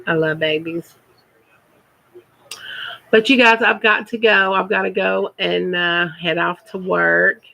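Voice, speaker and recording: A woman's voice: lowish voice, steady tone, slow, gravelly, long pauses, sharp tone, low-quality recording. A woman, chatting casually on her first live stream and repeating words for emphasis.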